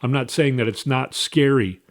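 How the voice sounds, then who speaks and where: A man's voice: mid-range voice, moderate pace. A man giving a casual political opinion monologue, scornful and opinionated, with wandering asides. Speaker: political commentator.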